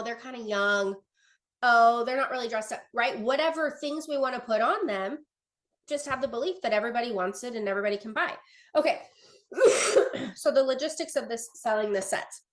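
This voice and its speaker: A young woman with a slightly high voice leads a casual sales training talk over a video call. She talks in a chatty, earnest way, full of fillers and restarts, and glances at her notes as she goes. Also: brisk.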